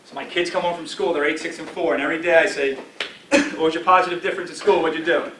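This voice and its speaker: A man's voice: a little high, fairly even intonation, quick pace, a bit bright, far from the mic, a little hiss or hum. A man in his forties giving a motivational talk to a football team in a coaching tone, checking in often with "all right?". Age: 40s. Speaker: guest speaker addressing a football team. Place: team meeting room. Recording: roomy echo from afar with faint ambience.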